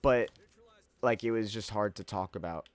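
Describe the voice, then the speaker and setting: A young man telling a story in a loose, rambling way, peppered with slang, curses and bursts of laughter. His voice sits a little low for a man. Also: normal speed, clean tone, no echo. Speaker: vlogger. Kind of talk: casual storytelling to camera.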